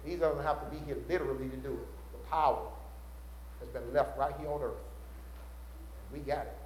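A male preacher delivers a sermon with call-and-response, building loud and dropping low. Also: fairly even intonation, brisk, a little hiss or hum. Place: church sanctuary. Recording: roomy church echo.

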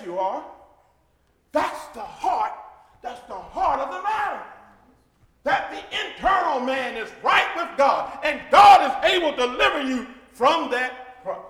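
A man preaching a sermon in a church, fervent, with shouted peaks and joking asides. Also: very high voice, sing-song, unhurried. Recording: echoey hall.

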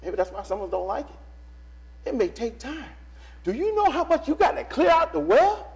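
A man preaching a sermon to his church, animated, stopping the reader to repeat and stress phrases. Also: extremely high pitch, moderate pace, creaky, low-quality recording.

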